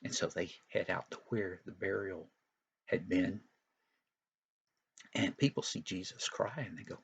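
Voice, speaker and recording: A man's voice: sits low, fairly even intonation, measured pace, gravelly, long pauses, husky. A man teaching Sunday school, retelling a Bible story for young children in a folksy, explanatory way with frequent asides.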